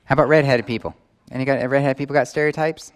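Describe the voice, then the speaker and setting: A man's voice: medium pitch, steady tone, quick pace. A man preaching a sermon, asking the listeners question after question. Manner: asks the audience questions. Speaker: pastor. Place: church in New York.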